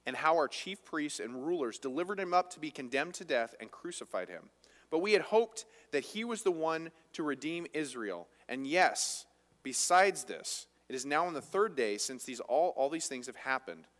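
A man's voice: a little high, big pitch swings, normal speed, fairly bright tone, big-room sound. A man preaching a conversational sermon as a pastor, often asking his listeners rhetorical questions.

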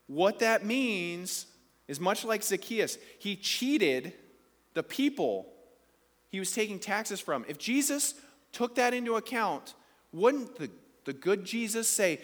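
A man with a slightly high voice preaches in a church, and his words ring on in a long hall echo. His delivery is conversational and playful, with questions thrown out to the congregation. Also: expressive, slow pace. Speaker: pastor. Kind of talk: sermon.

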